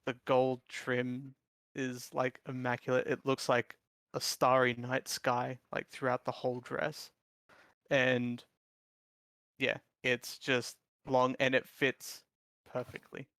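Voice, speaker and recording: A man's voice: mid-range voice, completely flat delivery, takes it slowly, a bit bright, no echo. A man narrating a tabletop game as game master, in a casual, rambling way full of fillers.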